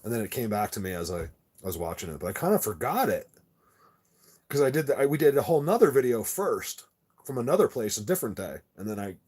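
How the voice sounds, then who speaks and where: This channel host speaks to his live chat in a fairly low, slightly mellow voice with a breathy edge. Rambling, earnest and insistent, he keeps restarting and repeating words.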